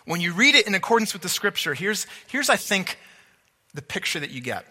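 A man preaching a sermon, his voice high and tense with a sharp, bright edge. He talks earnestly, repeating words to stress a point and asking his listeners whether they follow. The sound carries the long reverb of a large hall. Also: sing-song, a little fast.

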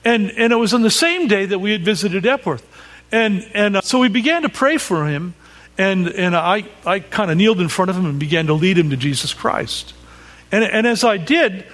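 A man preaches to a crowded room, telling a story with quick asides and checks on his listeners. His voice sits high and swings widely in pitch. The sound rings with a long hall reverb. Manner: animated storytelling, asides to the audience, acts out quoted cries. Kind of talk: sermon with personal story. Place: large hall with audience.

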